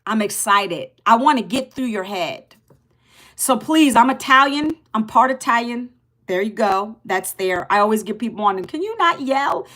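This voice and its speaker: A woman in her fifties hosting a casual livestream, loud and passionate, rambling and emphatic as she repeats herself. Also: on the high side, animated, normal speed. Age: 50s. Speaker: livestream host.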